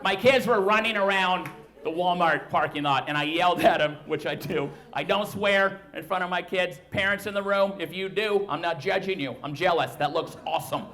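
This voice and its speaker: High-voiced man doing stand-up in a club. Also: normal speed, some chatter behind. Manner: conversational, bursts into loud shrieking impressions of his kids. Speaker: stand-up comedian. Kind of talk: stand-up comedy set. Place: comedy club stage. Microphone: handheld stage mic. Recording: live club recording with audience laughter and noise. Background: audience laughing.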